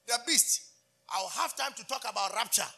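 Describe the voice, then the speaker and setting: Male pastor, high husky voice, fervent sermon delivery with call-and-response. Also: animated, moderate pace, sharp tone. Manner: fervent call-and-response preaching, switching between English and Twi.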